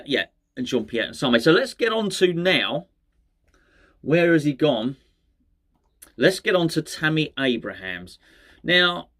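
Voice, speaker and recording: A man hosting a fan channel, chatting casually on his own about transfer rumours, with rambling, self-mocking asides and plenty of restarts. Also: on the high side. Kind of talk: casual solo football chat.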